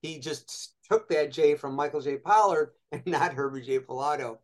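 A man being interviewed as a guest, telling lively anecdotes and acting out quoted voices as he goes. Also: fairly high pitch, normal speed. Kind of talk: animated storytelling in conversation.

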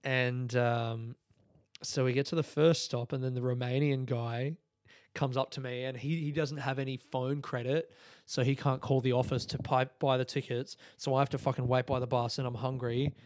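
A man's voice: mid-range voice, little pitch movement, normal speed, darkish tone, no room sound, clean studio sound. A man hosting a podcast, telling a story in a casual monologue, swearing a lot and laughing as he talks. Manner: swearing, storytelling, quotes others in voices; laughs through his stories. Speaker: podcast host.

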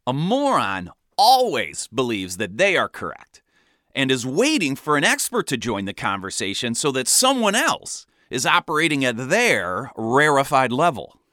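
A man telling a comic first-person story in a wry, animated way. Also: medium pitch, moderate pace, no echo, studio quality.

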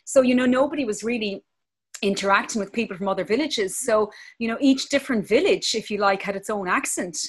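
A woman's voice: mid-range voice, a little fast, breathy edge. A woman in her fifties with an Irish accent from County Clare, chatting as a podcast guest and telling stories. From Ireland. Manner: chatty, storytelling. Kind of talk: casual chat.

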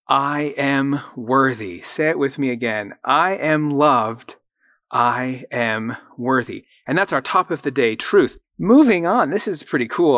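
A man's voice: mid-range voice, fairly bright tone, dry recording. A man hosting a motivational podcast from a recording studio, talking in an upbeat, encouraging way and coaxing listeners to repeat affirmations after him. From rural farm upbringing. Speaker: podcast host and coach.

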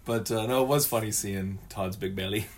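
A man's voice: lowish voice, moderate pace, gravelly, slight background noise. Guy co-hosting a chill podcast, chuckles a lot, kinda rambly. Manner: chatty, laughs easily, trails off and restarts. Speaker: podcast co-host. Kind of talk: casual chat.

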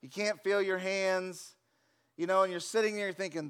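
High-voiced man preaching a sermon. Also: steady tone, moderate pace, a bit bright, clean tone. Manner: storytelling, acts out voices in anecdotes. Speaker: pastor. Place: church sanctuary.

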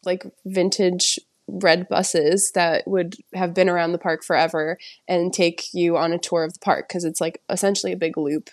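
A woman co-hosting a podcast in casual chat, reacting quickly and laughing easily. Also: on the low side, little pitch movement, no room sound, clean studio sound. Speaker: podcast co-host.

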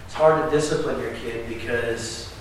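Guy preaching a sermon, booming then quiet, recorded from far off in a big echoey hall w/ background noise. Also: moderate pace. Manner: preaching, swings from loud emphatic outbursts to quiet talk. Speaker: pastor.

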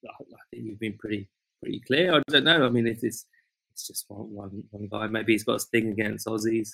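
Guy on a podcast, gravelly husky low voice, kinda hesitant, keeps restarting, dry sound. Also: steady tone, brisk, fairly bright tone, dry recording, low-quality recording. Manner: hesitant, repeats words, thoughtful. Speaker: podcast co-host. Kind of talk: casual chat.

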